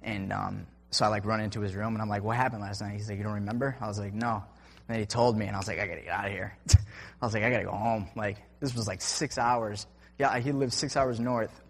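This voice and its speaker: A man's voice: fairly low pitch, steady tone, fairly quick, gravelly. Rambling young man telling a story, reverberant. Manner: rambling, full of "like" and "I'm like" quotes. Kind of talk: personal story told casually. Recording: long reverb.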